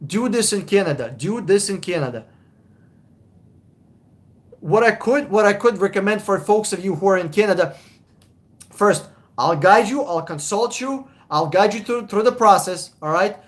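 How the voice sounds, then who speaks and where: A man's voice: high-pitched, lively intonation, moderate pace. A man hosting a casual live stream, reading viewer comments and answering car-buying questions bluntly, swearing and repeating himself for emphasis.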